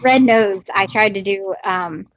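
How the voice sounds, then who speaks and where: A woman's voice: medium pitch, measured pace. A friendly woman co-hosting a live stream who keeps agreeing and reads viewers' comments aloud. The audio is a bit dull and lo-fi. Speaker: live-stream co-host reading chat. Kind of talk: casual live-stream chat.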